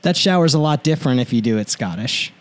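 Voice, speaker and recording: A man in relaxed, playful conversation with friends. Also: medium pitch, fast. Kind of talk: casual chat.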